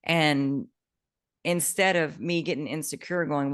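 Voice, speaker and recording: A woman co-hosting a podcast, chatting casually and telling an animated story with bursts of excitement. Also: lowish voice, normal speed, dry recording, studio quality. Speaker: podcast co-host, coach. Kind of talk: casual chat.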